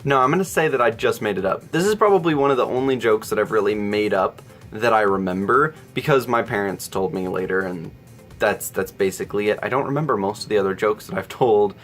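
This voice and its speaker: A man's voice: fairly low pitch, a little fast, fairly bright tone, faint music behind. A young man hosting a casual Q&A vlog, rambling and self-deprecating, chuckling often. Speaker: YouTube channel host.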